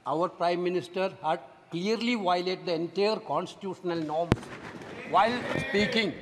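Man, Malayali English accent, very high voice, forceful repetitive parliament speech, long hall reverb. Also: moderate pace, slight background noise. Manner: forceful, repetitive, rising to shouts. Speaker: member of parliament. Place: parliament chamber.

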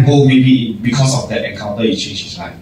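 A man's voice: medium pitch, normal speed. A man, a general manager giving a casual motivational talk to staff, acting out little scenes and laughing often. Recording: echoey room, distant mic, noisy.

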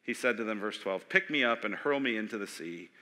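A man preaching a sermon as pastor, animated, asking questions and acting out voices. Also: on the low side, brisk. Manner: animated, acts out voices, asks the audience questions. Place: church sanctuary. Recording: long hall reverb.

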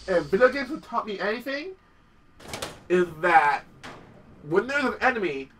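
A man's voice: high-pitched, very animated, moderate pace, a bit bright, far from the mic, a little hiss or hum, poor audio. A young man giving casual gameplay commentary, swearing and yelping when startled. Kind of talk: casual let's-play commentary.

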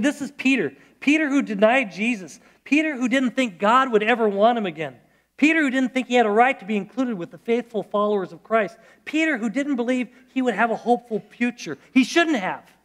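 A man's voice: high voice, fairly bright tone. A middle-aged male pastor preaching a sermon in church, conversational and storytelling, with frequent restarts.

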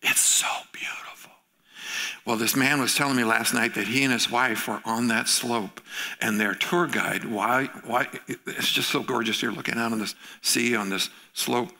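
A man's voice: mid-range voice, moderate pace. A middle-aged male pastor preaching a sermon in a church, telling stories and acting out the voices in them. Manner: animated storytelling, acting out quoted voices.

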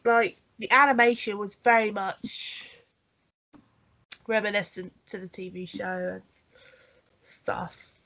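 Stuffy and nasal from her cold, this woman co-hosts a podcast reviewing a holiday special, her mid-range voice a bit bright. She's chatty and rambling, full of fillers and restarts, coughing now and then.

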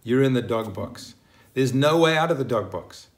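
A man's voice: mid-range voice, animated, normal speed. A man hosting his own channel and teaching English vocabulary in an upbeat, emphatic way, acting out example phrases. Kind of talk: scripted vocabulary lesson.

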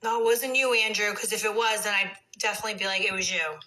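Brash, bright-voiced woman. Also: medium pitch, fairly even intonation, fast talker, rough recording. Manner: brash, swears freely, talks back to trolls. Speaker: reality TV personality on a phone livestream. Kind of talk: casual livestream chat with viewers.

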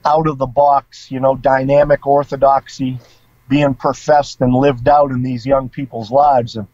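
A man's voice: medium pitch, flat delivery, unhurried, darkish tone, no echo. A middle-aged man, a former priest, telling his personal story in a casual interview, informal and emotional. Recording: dull lo-fi sound.

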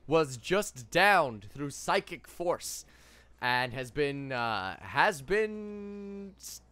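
Young guy dm, bright voice, bouncy pitch, slow and laughy. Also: big pitch swings, no echo. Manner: playful, laughing, halting narration. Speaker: dungeon master. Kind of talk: narrating a tabletop game.

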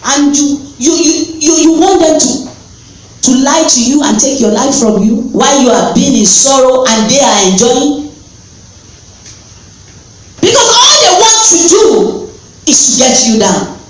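A woman's voice: sits high, moderate pace, a little mellow. A woman preaching a sermon with passion, at times lifting into a sung rise. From West Africa. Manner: impassioned, with sudden sung rises. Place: church hall. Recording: very echoey church hall, faint noise.

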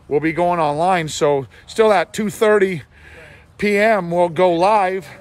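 A hoarse man with a scratchy voice gives an earnest, rambling video update as an outreach pastor, recorded outdoors in a park on a handheld phone. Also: sits high, measured pace. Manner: earnest, rambling, with many fillers.

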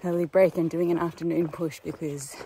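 A young woman with a lowish voice chats to a camera held at arm's length as she vlogs. She rambles loosely, filling her talk with ums and likes and breaking into laughs. A faint outdoor hum sits under her voice. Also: little pitch movement, brisk, dark tone. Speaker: long-distance walker and vlogger. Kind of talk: casual vlog chat to camera.

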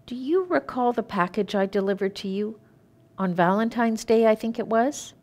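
A woman's voice: a little high, normal speed, a little mellow, pitched above the performer's own voice, natural voice. Woman reading as a hesitant, worried postman. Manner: hesitant, apologetic. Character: worried, apologetic male postman.

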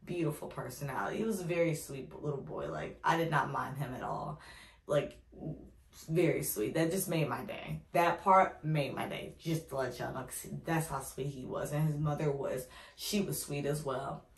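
A woman's voice: sits low, normal speed, gravelly. A woman vlogger telling a casual storytime, candid and opinionated with ranting asides. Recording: echoey room.

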